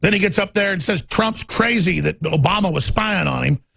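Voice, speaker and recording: A middle-aged male talk radio host in full heated rant, stumbling over repeated words as he pushes on. His voice is gravelly and husky, sitting a little high, and the studio sound is dry and close. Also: lively intonation, moderate pace, a bit bright, dry recording. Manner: ranting, repeats words, acts out quotes in raised voices. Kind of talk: heated political monologue.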